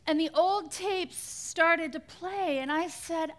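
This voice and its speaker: A woman's voice: extremely high pitch, slow pace, few pauses. A woman giving an inspirational Christian talk at a conference, dramatic and dropping to near-whispers at times. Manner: dramatic, drops to near-whispers for quoted words. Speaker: conference speaker.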